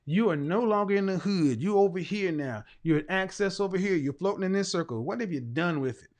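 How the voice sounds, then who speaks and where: Emphatic middle-aged man lecturing, fairly high voice. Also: expressive, brisk, darkish tone. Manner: emphatic, repeats points for weight. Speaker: talk show host. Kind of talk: lecturing commentary monologue.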